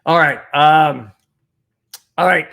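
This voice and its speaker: A man's voice: a little high, slow pace, gravelly, fairly bright tone. Fired-up man ranting on a sports podcast. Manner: rambling and indignant, with many restarts and repeated phrases. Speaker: podcast host reading live chat. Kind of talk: heated sports recap with chat.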